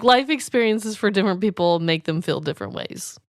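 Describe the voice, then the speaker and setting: A woman co-hosting a podcast, expressive and teasing in casual chat. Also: medium pitch, a little fast, no room sound, clean studio sound. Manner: expressive, teasing, laughs often. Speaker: podcast co-host.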